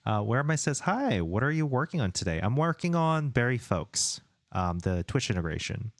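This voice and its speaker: A man's voice: mid-range voice, big pitch swings, moderate pace, no echo, studio quality. A man streaming his indie game development, chatting casually, muttering to himself and reading viewer chat aloud while he works.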